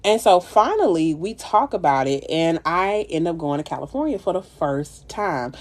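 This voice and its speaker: A woman's voice: fairly low pitch, moderate pace. A woman, chatting casually and profanely on a phone livestream while doing her makeup. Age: 30s. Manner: animated, profane, swoops way up when exclaiming.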